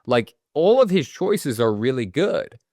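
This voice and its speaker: A man's voice: medium pitch, measured pace, dry recording, studio quality. A man co-hosting a movie podcast, talking casually in long, rambling, profane riffs. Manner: rambling, profane, animated asides. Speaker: podcast co-host.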